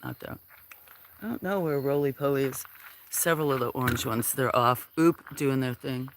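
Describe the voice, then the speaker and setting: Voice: medium pitch, moderate pace, a little hiss or hum. A livestream host on a farm, chatting casually to viewers over a handheld phone while cooing at the cats and apologizing now and then. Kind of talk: casual live-stream chat. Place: farm, among the cats at feeding time.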